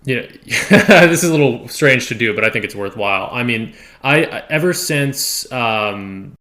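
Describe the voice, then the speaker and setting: Bright-voiced man hosting a podcast. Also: mid-range voice, lively intonation, normal speed. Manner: meandering, loose, thinking aloud. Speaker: podcast host. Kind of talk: casual podcast interview.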